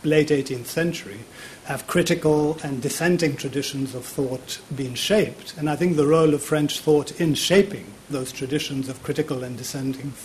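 A man in his fifties gives a public lecture in a university lecture theatre. His voice sits a little high for a man. He keeps stalling on fillers and repeating words as he thinks aloud, with a faint rumble underneath. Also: moderate pace.

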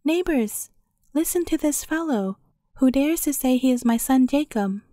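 A woman's voice: sits high, animated, moderate pace, dry recording, studio quality. A woman voicing a grieving market woman who scolds angrily and scornfully in a storybook reading. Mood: angry. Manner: scolding, sharp-worded.

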